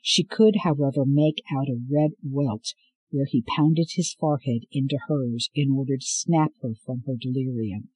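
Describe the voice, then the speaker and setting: A man reading an audiobook as narrator in a steady, measured way. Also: medium pitch, slight background noise, low-quality recording. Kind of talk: scripted narration.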